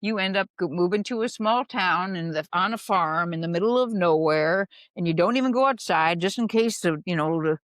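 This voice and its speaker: A woman who is a guest comedian and acting teacher, chatting casually on a podcast in a rambling, animated way full of "you know". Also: fairly low pitch, fairly quick, few pauses, dry recording.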